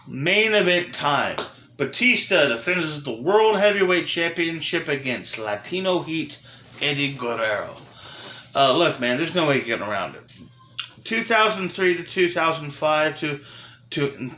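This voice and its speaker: A man's voice: medium pitch, pushed and bright, reverberant, slight background noise. A man from Florida giving a casual, rambling review of an old wrestling show, full of fillers and restarts.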